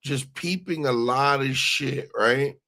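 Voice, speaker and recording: Halting man co-hosting a podcast. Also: mid-range voice, pushed and bright. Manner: halting, fills with "like". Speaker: podcast co-host. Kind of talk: casual podcast chat.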